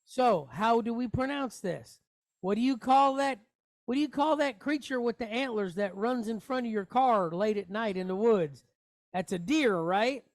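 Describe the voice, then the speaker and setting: A woman's voice: a little high, moderate pace, dry recording, clean studio sound. A woman teaching a Hebrew reading lesson, patiently explaining each letter and asking the class questions.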